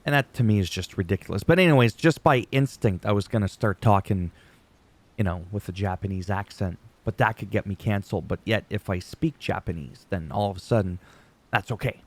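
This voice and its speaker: A man's voice: lowish voice, a little fast. A man recapping a wrestling show in casual commentary, rambling off on tangents and swearing casually.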